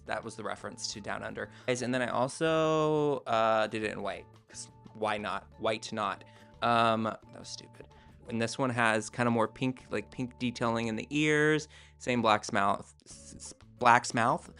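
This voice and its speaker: Laid-back gravelly man showing off crafts. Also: mid-range voice, fairly bright tone. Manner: laid-back, rambling, self-deprecating, many fillers. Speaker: crochet maker presenting his handmade shop. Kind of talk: casual vlog show-and-tell. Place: indoor room at home.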